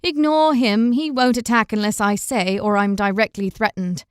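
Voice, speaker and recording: Woman doing a young heroine, insistent, forceful, fantasy audiobook, dry close sound. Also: medium pitch, fairly even intonation, moderate pace, smooth, no echo, lightly acted. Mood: firm. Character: young woman, determined and outspoken.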